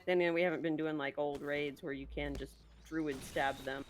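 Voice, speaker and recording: A woman's voice: low-pitched, fairly even intonation, brisk. A woman casually guiding her husband through an online game at home, teasing him playfully. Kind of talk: casual let's-play chat.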